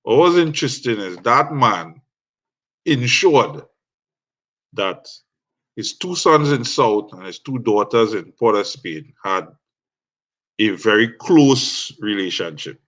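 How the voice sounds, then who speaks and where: Trinidadian man guest, unhurried, reflective storyteller, slow delivery. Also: lowish voice, expressive, fairly bright tone. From Trinidad and Tobago. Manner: measured, reflective. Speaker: guest musician. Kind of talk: storytelling interview.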